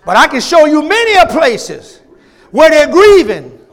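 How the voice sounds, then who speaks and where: A male pastor preaching a fervent sermon, swinging between loud, emphatic repetition and hushed, intimate moments, with folksy asides to his congregation. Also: extremely high pitch, wildly swooping pitch, unhurried.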